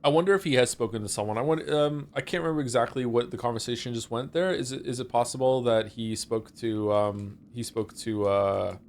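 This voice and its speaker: A man's voice: medium pitch, fairly even intonation, fairly quick, hardly any pauses, darkish tone, a little hiss or hum. A man streaming a game, casually thinking aloud as he plays, trailing off and restarting mid-thought.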